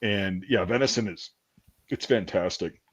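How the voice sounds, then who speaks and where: A man's voice: on the low side, measured pace, breathy edge, muffled recording. A man in his thirties hosting a casual chat, telling stories with a rambling, profane manner. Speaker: podcast host.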